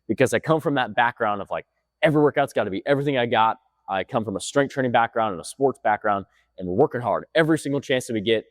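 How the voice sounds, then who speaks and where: Male fitness coach, quick energetic delivery, dry close mic, emphatic. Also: mid-range voice, no echo. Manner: energetic, repeats points for emphasis. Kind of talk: casual talk to camera. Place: gym.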